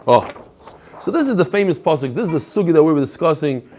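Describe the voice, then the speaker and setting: Male rabbi, fairly high voice, lively lecturing style, mixes English with Hebrew and Aramaic terms. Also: fast. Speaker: rabbi teaching a daily Talmud class. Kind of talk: lively Talmud lecture to a live group.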